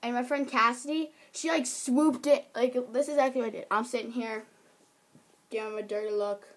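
A woman's voice: a little high, steady tone, a little fast. Chatty, giggly teenage girl vlogger. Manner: chatty, giggly, jumps between topics. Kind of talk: casual vlog chat.

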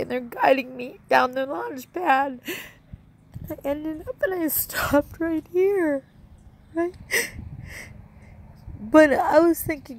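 A woman's voice: sits high, slow pace, pauses often. A woman telling a rambling, emotional personal story in a casual home vlog, often adding "right?" and "like". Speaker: vlogger.

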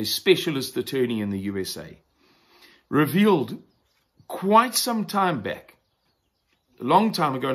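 A man with a South African accent hosting a weekly news review, talking deliberately and opinionatedly, pausing to explain words. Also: mid-range voice. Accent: South African English. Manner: deliberate, opinionated, pauses to define terms. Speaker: news commentary host.

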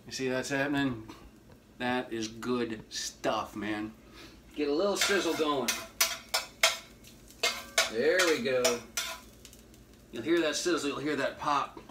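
Standing at a home kitchen stove, a man who hosts horror movies demonstrates cooking in a relaxed, folksy way, joking and using hip slang. His mid-range voice moves slowly with frequent pauses, over background noise and loud frying and sizzling.

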